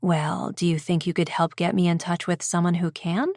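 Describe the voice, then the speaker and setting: A woman's voice: lowish voice, fairly even intonation, normal speed, a little mellow, no echo, studio quality. A woman voicing a determined young heroine keeping a strained polite tone on a call, in an audiobook. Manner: forced politeness.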